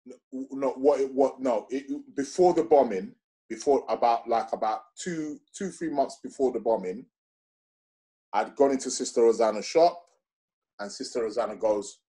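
A man's voice: mid-range voice, fairly quick. Guy in a chill interview, middle-aged, keeps doing the other people's voices in his stories, slangy. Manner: animated, acts out other people's lines with slang-heavy talk. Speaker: interview guest. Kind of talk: casual storytelling chat.

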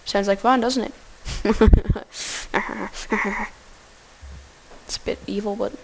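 A woman giving goofy, excitable casual gameplay commentary, talking to the animals in her game. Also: mid-range voice, very slow, creaky, slight background noise.

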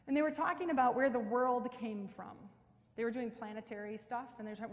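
A woman's voice: a little high, steady tone, a little fast. A middle-aged woman giving a parish mission talk in a chatty, storytelling way with frequent casual fillers. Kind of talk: conversational church talk. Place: church. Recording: long reverb of a large church.

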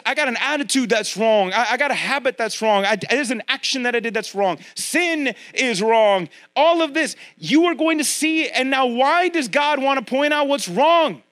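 A middle-aged man preaching a sermon as pastor, talking straight to his congregation and acting out voices as he goes. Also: extremely high pitch. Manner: conversational preaching, addresses congregation directly; animated, acts out quoted voices.

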